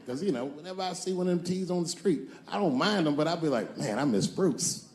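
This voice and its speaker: A man in his forties performs stand-up, his voice sitting fairly high for a man. He talks to the crowd in a loose, profane, conversational way. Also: fast talker, heavy background noise. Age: 40s. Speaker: stand-up comedian. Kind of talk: stand-up comedy. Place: comedy stage before a live audience.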